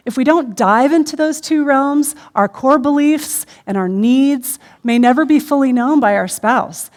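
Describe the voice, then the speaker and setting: A middle-aged woman shares a church sermon with her husband, and her voice is a bit high for a woman. She talks in a relaxed, conversational way, often stopping for an um. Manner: conversational, frequent ums. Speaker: co-pastor. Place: church stage.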